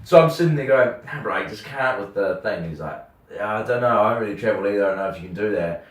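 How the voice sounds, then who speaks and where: A young New Zealand man, a radio host, tells a story in casual chat, speaking fast in a lowish voice. He's animated, acts out the dialogue, and swears freely; the sound is roomy, from a distant mic.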